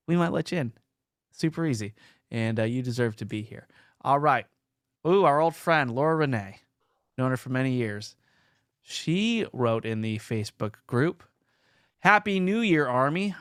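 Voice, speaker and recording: Here a male podcast host chats casually, telling animated stories and reading listener comments aloud. His voice is mid-range, and the sound is clean studio audio with no room tone.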